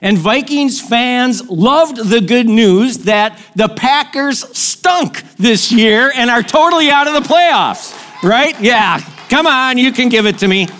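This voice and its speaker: High-voiced joking pastor from Minnesota. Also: male voice, slow pace, hardly any pauses. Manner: animated, joking storyteller with crowd call-outs. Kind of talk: sermon.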